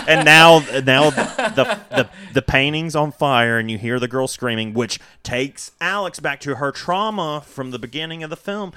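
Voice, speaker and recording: A man with a bright, forceful voice recaps a horror movie for his friends, full of energy and quick to laugh. The sound is dry and close, with almost no room around it. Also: medium pitch, smooth, dry recording. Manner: animated storyteller, acts out quotes in silly voices, laughs often. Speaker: podcast co-host. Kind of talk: casual movie recap chat.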